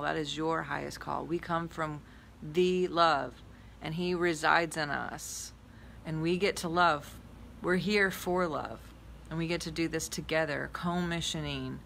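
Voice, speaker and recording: Bright-voiced woman giving a spiritual talk. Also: sits low, steady tone, measured pace, vocal fry, a little hiss or hum. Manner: earnest, repetitive, lingering on key words. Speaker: spiritual teacher. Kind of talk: spiritual talk with guided visualization.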